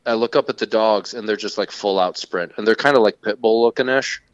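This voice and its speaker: A man with a low voice tells a story in an animated, casual way and swears freely. The recording is dry, with no room sound, and its sound is dull and lo-fi. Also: a little fast, no echo. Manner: profane, animated retelling. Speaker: podcast co-host.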